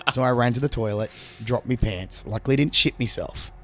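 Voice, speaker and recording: A man's voice: mid-range voice, a little fast. An Australian man with a sore throat, rambling through a crude story while co-hosting a gameplay video. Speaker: gaming video co-host. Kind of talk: casual gameplay chat.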